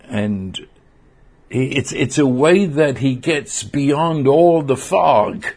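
A man preaching a sermon, earnest and halting, often repeating words as he searches for them. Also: medium pitch, animated, a little mellow, slightly rough.

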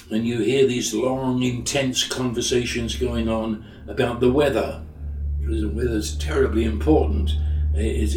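A man preaching a sermon in a slow, conversational storytelling way, often restarting his phrases. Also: mid-range voice, darkish tone, reverberant, distant mic, a little hiss or hum, rough recording.

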